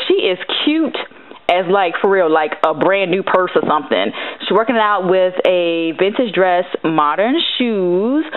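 Sassy woman on tinny audio. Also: medium pitch. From United States. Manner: sassy, animated, talks straight to viewers. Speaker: fashion vlogger. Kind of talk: casual chat over photo slideshow.

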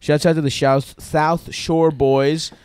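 A man's voice: a little high, flat delivery, takes it slowly, a little mellow, smooth. A man co-hosting a comedy podcast, trading crude, sarcastic jabs in casual banter. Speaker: podcast co-host.

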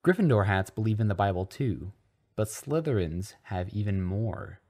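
A man voicing an excitable, boastful schoolboy who pushes his beliefs loudly and insistently. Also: fairly low pitch, moderate pace. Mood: excited pushy. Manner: eager, loud, insistent.

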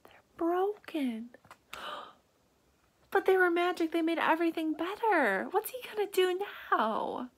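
A woman reading a children's picture book aloud, gasping and dropping into soft whispered asides and asking her young listeners questions. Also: very high voice, sing-song, moderate pace, few pauses.

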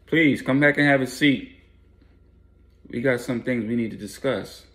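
A man's voice: mid-range voice, unhurried, a bit bright, natural voice. A man doing a shady older man playing innocent. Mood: evasive. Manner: evasive, placating. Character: shady older man posing as a realtor, nervous.

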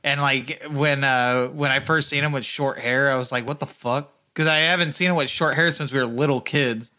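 A man's voice: medium pitch, steady tone, normal speed, sharp tone. A young man co-hosting a podcast, rambling in profane casual chat and laughing often. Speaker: podcast co-host.

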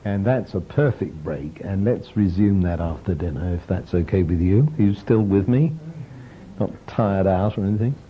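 An older man gives an informal lecture to a group, telling lively stories with a chuckle. His low voice leaps up and down in pitch as he speaks. The recording is muffled and lo-fi, with a faint hiss underneath. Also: moderate pace.

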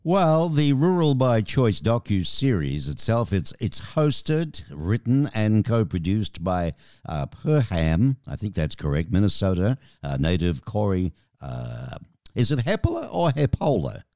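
A man's voice: fairly low pitch, big pitch swings, measured pace, warm tone, dry recording, clean studio sound. A man hosting a podcast interview, chatty and joking. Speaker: podcast host. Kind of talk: casual interview.

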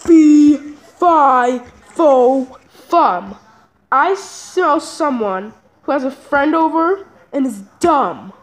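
A performer voicing an angry father, booming, slow threatening lecture, high voice, lively swings, homemade puppet movie. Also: heavily acted. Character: stern angry dad, male adult.

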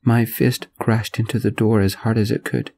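A man telling a story in a gentle, soft-spoken reading voice. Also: lowish voice, level tone, moderate pace.

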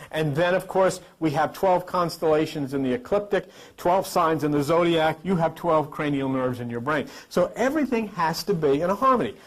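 A man hosting a talk show, talking casually to a studio audience and telling animated stories with laughing asides. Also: on the high side. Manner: animated storyteller, acts out voices with laughing asides. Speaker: host.

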